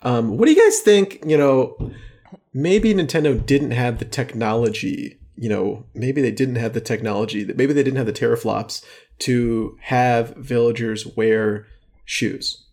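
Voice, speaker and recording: A man's voice: mid-range voice, measured pace, darkish tone. A man hosting a podcast from his studio, rambling and teasing in casual chat with lots of fillers. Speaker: podcast host. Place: their own studio.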